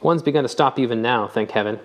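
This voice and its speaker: A man's voice: mid-range voice, fast, close to an everyday voice. A man reading the part of a bookish scholar with a dry, understated manner. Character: bald, bookish middle-aged scholar, dry humor.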